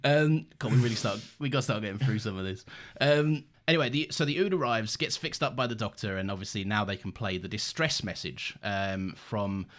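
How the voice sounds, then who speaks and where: A man co-hosting a podcast in casual chat, enthusiastic and quick to laugh. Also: fairly low pitch, fairly bright tone. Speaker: podcast co-host.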